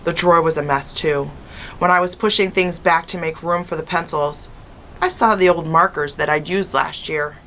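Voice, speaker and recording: A woman teacher reading a children's chapter book aloud with expressive first-person narration. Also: sits low, normal speed, a little hiss or hum. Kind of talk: storybook read-aloud.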